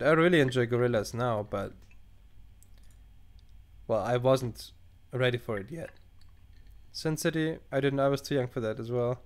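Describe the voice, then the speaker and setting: A young man, not a native English speaker, casually commenting on a game he plays, thinking aloud and swearing as he reacts. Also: medium pitch. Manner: animated, swearing, thinking aloud while reading choices. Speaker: gaming channel host. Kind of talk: casual let's play commentary.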